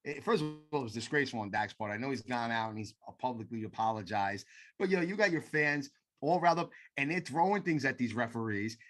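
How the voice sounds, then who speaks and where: A man co-hosting a sports podcast, ranting in animated, profane casual chat. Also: medium pitch, fast talker, soft background music. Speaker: podcast co-host.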